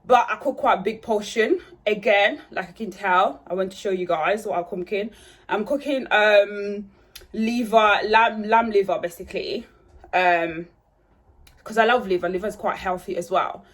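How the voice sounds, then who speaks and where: A woman chats to her viewers in a loose, rambling way, full of fillers and restarts. She speaks at an ordinary middle pitch, as if into a phone held in her hand in a home kitchen. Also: normal speed. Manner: rambling, chatty, many fillers. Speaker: vlogger. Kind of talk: casual chat to camera. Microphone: handheld phone.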